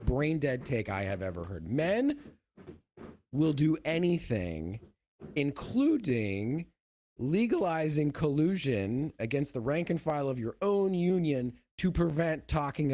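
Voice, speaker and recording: A man's voice: mid-range voice, measured pace. A middle-aged man co-hosting a podcast, ranting in a mocking, profane way. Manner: animated, profane, mocking voices. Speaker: podcast co-host. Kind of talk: ranting casual chat.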